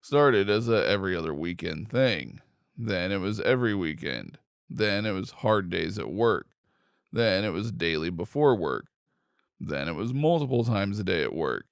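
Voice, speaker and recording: A man reading online posts aloud in steady, scripted narration. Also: low voice, normal speed, gravelly, clear, resonant tone, dry recording, clean studio sound. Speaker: story reader.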